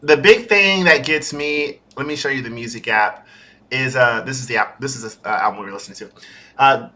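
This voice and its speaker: A young man talking casually on a home livestream about his software project, chatty and often sidetracked with fillers. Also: mid-range voice, normal speed. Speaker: software developer streaming a build-in-public series. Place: home streaming setup with a green screen.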